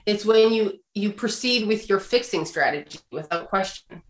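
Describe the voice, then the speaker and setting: A woman's voice: mid-range voice, animated, moderate pace. A woman counselor giving relationship advice in a casual podcast conversation, earnest and explanatory, often acting out the phrases she quotes. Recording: roomy echo.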